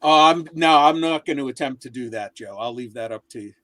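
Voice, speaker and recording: A man's voice: mid-range voice, brisk, a bit bright. A man co-hosting a casual beer chat, easygoing and self-deprecating. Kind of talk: casual chat over beers.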